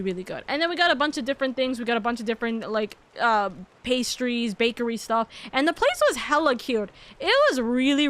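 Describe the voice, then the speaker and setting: Her voice is fairly bright and on the high side as she streams. This young woman, a VTuber, gushes and chats casually to her livestream audience, frequently saying things more than once.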